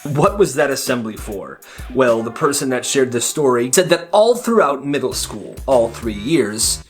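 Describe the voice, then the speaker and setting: A man narrating funny school stories in a lively, hyped-up storytime style. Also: medium pitch. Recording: faint music behind.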